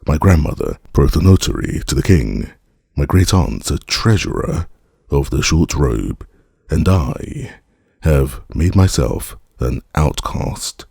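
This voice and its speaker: A man's voice: rumbling low, sing-song, slow, gravelly, mellow, slightly rough, no echo, studio quality, full character voice. A man doing a rowdy young rogue. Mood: swaggering. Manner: rowdy, swaggering declamation. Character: boastful young male rogue in armor.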